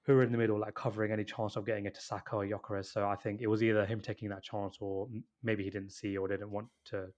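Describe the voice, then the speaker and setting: A man's voice: on the low side, level tone, quick pace, few pauses, darkish tone, lo-fi sound. A young man co-hosting a football podcast, speaking hesitantly with many you-knows and restarts. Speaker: podcast co-host. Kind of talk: casual football chat.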